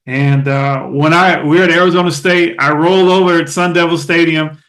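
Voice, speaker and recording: A middle-aged man from Oakland, a former ballplayer, telling stories as a podcast guest in a lively, casual way with many fillers and restarts. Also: a little high, normal speed. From Oakland, California. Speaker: guest, former baseball catcher. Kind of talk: casual storytelling interview.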